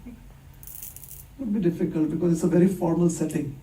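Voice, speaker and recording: A man's voice: on the high side, brisk, warm tone. A man giving a conversational sermon, telling stories with rhetorical questions and acted-out dialogue. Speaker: preacher. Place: temple hall. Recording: echoey hall, distant mic.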